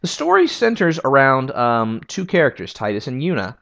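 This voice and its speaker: A man's voice: mid-range voice, wildly swooping pitch, moderate pace, vocal fry, a bit bright, lo-fi sound. A man giving casual, opinionated video essay commentary as a game history reviewer. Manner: opinionated and conversational.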